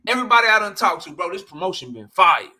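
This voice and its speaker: Talking fast, this boxing YouTube host answers his live chat in a casual, animated way. His voice is high and bright, and his commentary is blunt, slang-heavy, and full of profanity.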